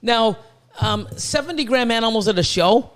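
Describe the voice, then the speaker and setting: High-voiced man ranting profanely. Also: lively intonation, moderate pace, fairly bright tone. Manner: profane, rambling, repeats words when heated. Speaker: podcast host, reptile breeder. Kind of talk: casual podcast rant.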